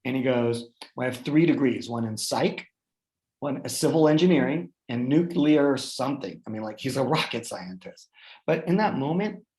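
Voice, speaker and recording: A man with a gravelly, creaky voice tells a personal story to his guests in an earnest, heartfelt way. He leans on fillers like "like" and "you know" as he goes. The sound is roomy and echoey. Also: medium pitch, darkish tone. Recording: roomy echo.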